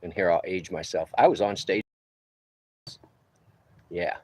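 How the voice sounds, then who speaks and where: Deep-voiced rambling man chatting outdoors. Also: a little slow, breathy edge, dry recording. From New Orleans. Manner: rambling, easygoing, chuckling asides. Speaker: livestreamer and roofer. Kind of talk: casual livestream chat. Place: outdoors on a roof, on a break.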